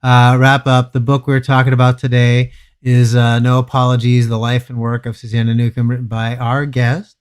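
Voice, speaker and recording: A man hosts a podcast interview over a video call. He talks in a relaxed, casual way and keeps slipping in jokes and light teasing. His pitch sits in an ordinary middle range. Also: normal speed, hardly any pauses, clear, resonant tone. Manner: joking, teasing. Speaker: podcast host.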